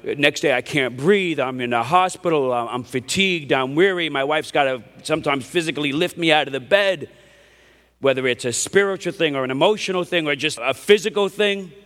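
A pastor preaching a sermon in a conversational, emphatic way, often asking the congregation "right?". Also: male voice, fairly high pitch, fairly quick, fairly bright tone, big-room sound. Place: church hall.

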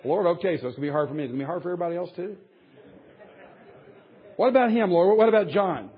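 A man's voice: fairly high pitch, racing, natural voice. A man acting out an anxious, impulsive male apostle in a sermon, with a pleading, exasperated tone. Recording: dull lo-fi recording.

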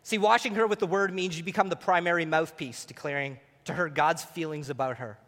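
A man in his thirties preaching a sermon as pastor, telling lively stories and dropping to a soft, tender voice when acting out prayers. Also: fairly high pitch, fairly quick. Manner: animated storytelling, drops to soft intimate tone for quoted prayers. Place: church hall. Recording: long reverb of a large hall.

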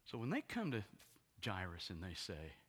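A man preaching a sermon as a pastor, retelling the story dramatically and swinging from hushed tones to loud ones. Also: low-pitched, huge pitch swings, moderate pace, husky. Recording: long hall reverb.

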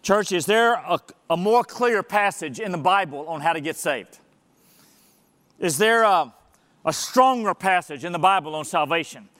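A male pastor with a notably high voice delivers an emphatic sermon, stacking rhetorical questions as he drives his point home. His words ring out through a church hall with long reverb trailing behind each phrase. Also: animated, normal speed, a bit bright. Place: church sanctuary.

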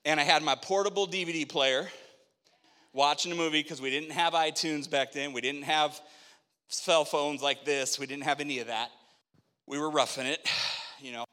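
Animated male preacher in an echoing hall. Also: a little high, normal speed. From Spokane, Washington, USA. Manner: animated storyteller acting out dialogue. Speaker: preacher telling his testimony. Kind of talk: sermon testimony storytelling. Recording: long echo of a hall.

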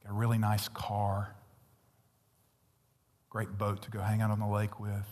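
A man preaching a sermon, blunt and intense, swinging from loud peaks to hushed whispers. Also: lowish voice, completely flat delivery, a little slow, big-room sound. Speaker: pastor.

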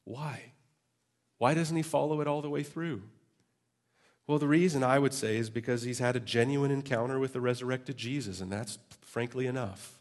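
Brief: male preacher, medium pitch, heartfelt sermon, swings from quiet reflection to urgent, with self-mocking humor. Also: normal speed. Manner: earnest and emotional, with self-deprecating asides. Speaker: pastor. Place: church service.

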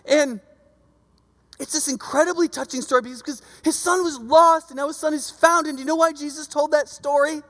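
A preacher giving a casual, conversational sermon, lively and acting out the voices of people in the stories. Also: high-pitched, a little fast. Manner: animated, acts out quoted voices. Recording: long reverb of a large hall.

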